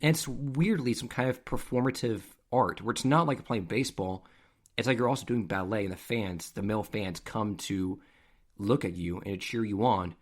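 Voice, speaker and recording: Lower-voiced man telling stories on a podcast. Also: moderate pace. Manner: animated, conversational, acts out scenes. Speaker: podcast host. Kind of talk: casual storytelling.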